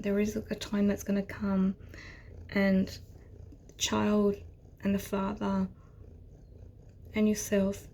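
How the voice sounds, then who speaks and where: A woman giving a rambling, earnest tarot reading, often dropping into soft whispers. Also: medium pitch. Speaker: tarot reader. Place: at home with her cat.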